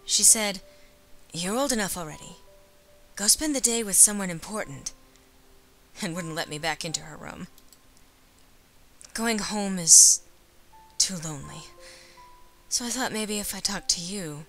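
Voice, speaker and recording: A woman with a slightly hoarse voice from a cold, voicing a gentle, sad teenage boy dove in a hushed, half-whispered tone while reading a game aloud. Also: medium pitch, expressive, unhurried, long pauses, faint music behind. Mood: wistful.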